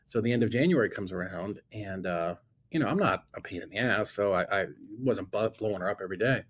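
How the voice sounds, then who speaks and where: Man, low husky voice, animated storyteller, acts out dialogue. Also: a little fast. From Florida. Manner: lively storyteller who acts out both sides of dialogue. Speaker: guest investor telling a story. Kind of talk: animated anecdote on a talk show.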